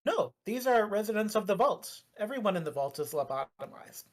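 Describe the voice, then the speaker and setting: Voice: mid-range voice, big pitch swings, brisk, voice pushed up. A game master voicing a polite, cheerful robot guide who speaks matter-of-factly about grim things, in a tabletop role-play.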